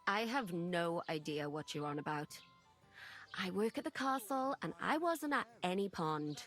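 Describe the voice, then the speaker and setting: An actress playing a sharp-tongued young castle serving woman in a video game, with an accent that is hard to place and a blunt, scolding manner. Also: fairly low pitch, lively intonation, unhurried, faint music behind. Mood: indignant. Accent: shifting, hard to place. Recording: busy tavern crowd behind.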